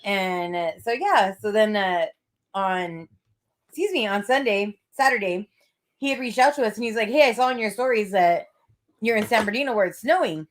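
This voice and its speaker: A woman's voice: mid-range voice, lively intonation, moderate pace. Woman co-host, casual chat, chatty storyteller, giggly, lots of fillers.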